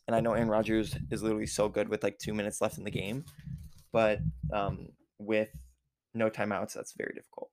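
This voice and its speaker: A man's voice: fairly low pitch, level tone, fast talker. A man casually recapping a football game from memory, rambling with many fillers and self-corrections. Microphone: recording app with a time limit.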